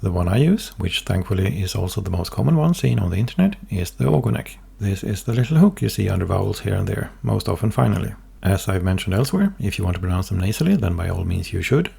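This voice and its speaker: A man giving a careful, measured, scripted explanation in a lecturing manner. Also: deep voice, very animated, gravelly, dark tone, breathy edge. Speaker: language hobbyist presenter.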